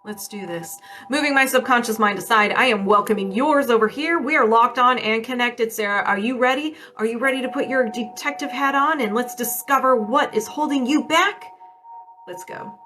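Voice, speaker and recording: A woman's voice: a little high, normal speed, sharp tone, soft background music. A woman energy healer on a casual livestream, chatty and upbeat, asking and answering her own yes-no questions. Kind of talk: casual livestream healing session.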